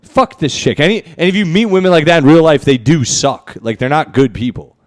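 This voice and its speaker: A man hosting a podcast, talking in casual, crude banter with animated, mock-outraged rants. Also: a little high, fairly quick. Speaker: podcast host.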